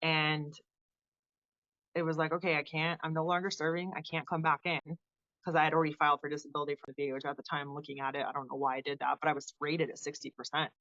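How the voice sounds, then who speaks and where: A woman in her thirties, a guest on an interview show, telling her story in a casual, animated way and acting out the people she quotes. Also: deep voice, fast talker, dry recording, dull audio. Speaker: podcast guest, Air Force veteran.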